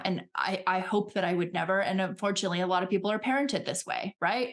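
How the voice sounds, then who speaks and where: A woman coach speaking as a podcast guest, animated and chatty, often acting out little voices in her examples. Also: mid-range voice, fairly quick. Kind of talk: casual chat.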